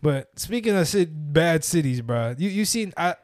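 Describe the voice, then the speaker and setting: A man's voice: fairly high pitch, lively intonation. A young man in casual chat, reacting with exclamations and jokes. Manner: exclamatory, quick to react and laugh.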